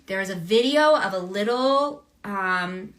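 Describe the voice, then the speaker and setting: Woman, voice actress, bubbly, chatty, bright tone, casual livestream Q&A. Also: mid-range voice, lively intonation, unhurried. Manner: bubbly, chatty, gushing, laughs often. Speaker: voice actress signing autographs.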